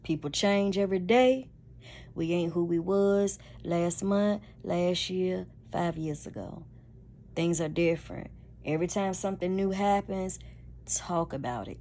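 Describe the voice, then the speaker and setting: A woman with a deep, mellow voice gives relationship advice in a casual, preachy monologue. She talks loud and leans hard on her points. A faint hum of noise sits behind her.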